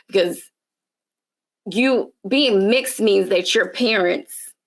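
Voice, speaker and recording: A woman guest in a casual discussion, speaking thoughtfully and hesitantly, with many pauses and fillers. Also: mid-range voice.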